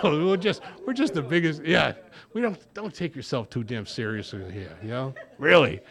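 Gravelly man sharing his recovery story. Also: a little high, normal speed. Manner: rambling, with many repeated restarts; animated storyteller. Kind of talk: recovery meeting share.

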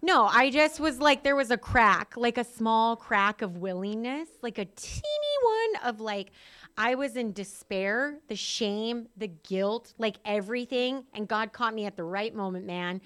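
A woman's voice: on the high side, fairly bright tone, clear, resonant tone. Candid self-mocking woman telling her story. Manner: self-mocking, laughs often, heavy use of "like". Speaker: speaker sharing her recovery story.

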